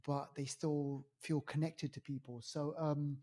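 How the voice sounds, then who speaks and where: A man reviewing a film on a podcast in casual chat, rambling with lots of fillers and animated asides. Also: a little high, measured pace. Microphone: podcast mic.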